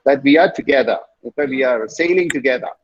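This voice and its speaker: A man's voice: mid-range voice, fast talker, slight background noise. A middle-aged man with a Tamil accent teaching English pronunciation in an online class, repeating words as drills and switching between English and Tamil. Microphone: video call. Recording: muffled video call audio.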